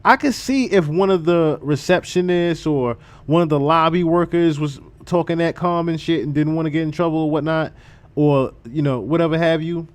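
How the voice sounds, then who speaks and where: A man giving casual livestream commentary in an animated, profane way, often repeating himself. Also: on the high side, moderate pace.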